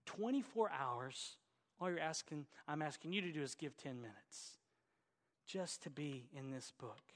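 Pastor, man, middle-aged, Oklahoma accent; light higher voice, earnest and folksy; big reverberant sanctuary sound. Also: lively intonation, unhurried. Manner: earnest, exhorting, folksy asides. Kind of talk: sermon.

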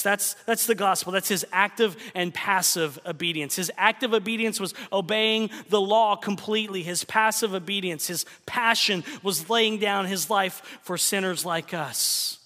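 A man preaching a sermon, swinging from loud fervent cries to hushed near-whispers. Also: sits high. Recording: long hall reverb.

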